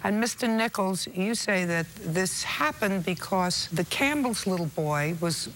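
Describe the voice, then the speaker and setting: A sharp-tongued woman judge hands down her rulings in a TV courtroom. She scolds bluntly, with open sarcasm, and cuts people off. Her pitch sits in the middle of the usual range. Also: expressive, measured pace, slight background noise. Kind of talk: courtroom judgment. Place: TV courtroom set.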